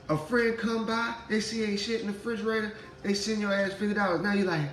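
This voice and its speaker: A man, in his thirties, giving an animated spiritual monologue about parenting and laughing as he acts out voices. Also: high-pitched, a little fast, hardly any pauses, reverberant, slight background noise, low-quality recording. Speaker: spiritual vlogger, father.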